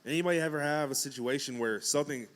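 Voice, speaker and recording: A man's voice: fairly high pitch, fast, fairly bright tone. A man preaching a casual, conversational sermon, acting out quotes with jokes and asides. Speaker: pastor.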